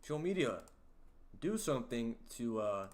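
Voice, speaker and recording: A man hosting a livestream, chatting casually and teasing his viewers in a rambling, halting way. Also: mid-range voice, sing-song. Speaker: livestream host. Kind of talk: casual livestream chat, reading viewer comments.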